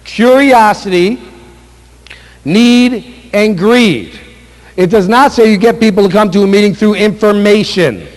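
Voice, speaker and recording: High-voiced man teaching sales in a reverberant hall. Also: a little slow. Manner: emphatic, repetitive, acts out sample sales calls. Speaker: sales trainer. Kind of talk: motivational sales seminar talk. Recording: echoey hall with long reverb.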